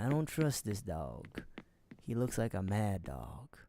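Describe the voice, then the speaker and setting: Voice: medium pitch, sing-song, slow pace, dry recording. Joking video game streamer. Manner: joking, drops suddenly to a hushed mutter. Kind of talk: casual gaming livestream commentary.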